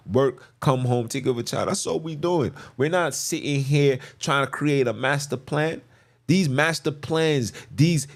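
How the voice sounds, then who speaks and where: A man hosting a podcast, preaching on scripture in an emphatic, slangy way, repeating phrases for stress. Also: a little high. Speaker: podcast host.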